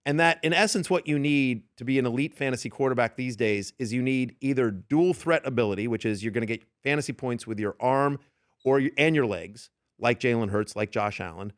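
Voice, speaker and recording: In a radio studio, a man of medium pitch tells stories during a relaxed interview as a fantasy football analyst. He's a lively narrator who voices the characters and performs their shouting. The audio is studio quality with no echo.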